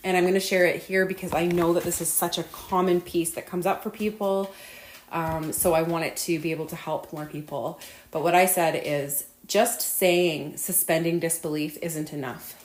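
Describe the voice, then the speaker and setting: A woman's voice: fairly low pitch, steady tone, moderate pace. Earnest woman podcaster in an echoey room. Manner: earnest, effusive, rambling with fillers. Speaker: podcast host. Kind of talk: casual podcast monologue. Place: at home with her dog.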